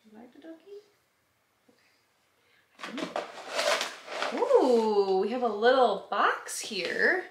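A woman's voice: a little high, sing-song, extremely slow, pauses often, very noisy. A woman hosting a casual unboxing vlog, slipping into sing-song baby talk as she chats to her dog at home. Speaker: vlog host. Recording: roomy, echoey room sound.

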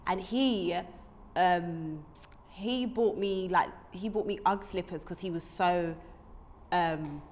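A woman's voice: lowish voice, slow pace, a little mellow. A playful woman hosting a casual podcast, firing off teasing questions. She talks over a faint hiss in the background. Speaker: podcast host. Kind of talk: casual chat.

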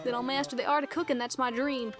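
A boastful older tomcat chef, played by a woman, with a folksy Southern drawl. He talks big and loves a dramatic flourish. The voice sits high for a man's part. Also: steady tone, fast, soft background music. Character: proud older male cat-like chef. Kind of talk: reading game dialogue aloud.

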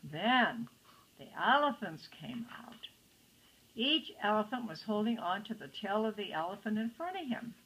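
A woman's voice: mid-range voice, big pitch swings, a little slow, a bit bright, husky, poor audio. An older woman reading a picture book aloud to children, adding chatty asides to the listeners. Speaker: storytime reader.

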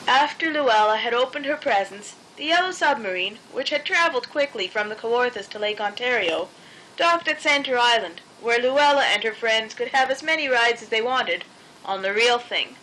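Bright-voiced woman reading a storybook. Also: on the high side, moderate pace, slight background noise, low-quality recording. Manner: gentle expressive read-aloud. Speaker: storybook narrator. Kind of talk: reading a children's picture book aloud.

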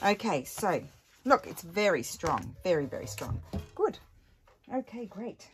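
With big swings in pitch and a measured pace, a low-voiced woman rambles casually through a home craft-along, full of ums and side comments.

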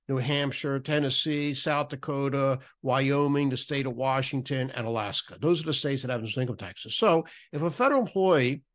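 A man on a podcast explaining retirement tax rules, often restarting and repeating words as he goes. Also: medium pitch. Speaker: podcast guest, federal benefits writer.

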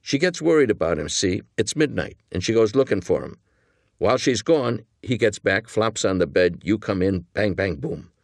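A man's voice: lowish voice, lively intonation, dry recording, studio quality. A man voicing a nervous young male hitman partner who talks earnestly and pleads, in an audiobook reading. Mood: nervous pleading. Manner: earnest, pleading, talking fast.

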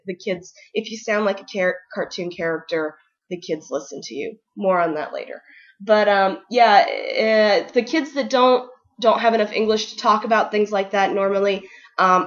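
A woman's voice: mid-range voice, highs cut off. A young woman teacher giving casual, upbeat advice in a vlog, full of ums and likes. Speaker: ESL kindergarten teacher.

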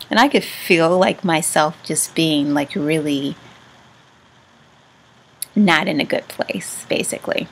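A woman tells a personal story to her vlog audience in a low, gravelly voice. She speaks haltingly, with many restarts and fillers. Her words often fade into a soft whisper, and a faint hiss sits under the recording. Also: rough recording. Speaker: vlogger.

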